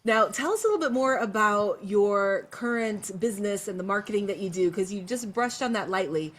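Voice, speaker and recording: A woman's voice: mid-range voice, lively intonation, a little fast. Upbeat woman hosting an interview. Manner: upbeat and encouraging. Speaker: interview host. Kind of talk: casual interview chat. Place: club venue indoors.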